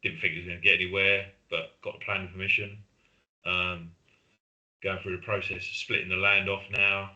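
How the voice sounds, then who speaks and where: A man's voice: low-pitched, flat delivery, moderate pace, sharp tone, dull audio. A middle-aged man, chatting casually on a podcast as co-host and telling stories with quoted friends. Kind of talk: casual chat.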